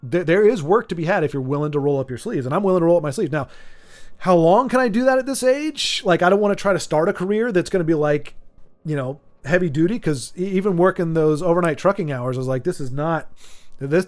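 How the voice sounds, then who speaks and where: A man in his forties rambling in casual livestream chat, animated and jokey, often restarting sentences. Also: fairly high pitch. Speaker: streamer.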